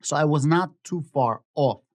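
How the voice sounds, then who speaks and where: A man's voice: a little high, normal speed. A man hosting his own finance channel, giving casual market commentary in an explanatory, opinionated way and often repeating that he predicted things. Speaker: stock market YouTuber.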